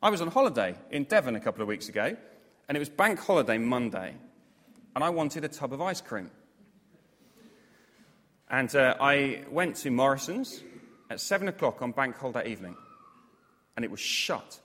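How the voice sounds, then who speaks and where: A man preaching a sermon, animated and self-mocking, with jokey asides to the congregation. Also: medium pitch, normal speed, pauses often. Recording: long hall reverb.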